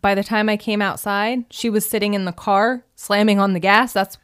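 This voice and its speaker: A woman's voice: medium pitch, fairly even intonation, normal speed, clear, resonant tone. A woman co-hosting a podcast, chatting candidly and adding details to a shared story. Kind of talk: casual storytelling.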